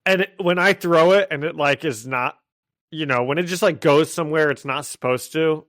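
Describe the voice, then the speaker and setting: A man's voice: on the high side, a bit bright, dry recording. Rambling man with many "like"s, dry mic. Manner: rambling with many "like" fillers, quick to laugh. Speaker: podcast co-host. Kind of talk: casual chat.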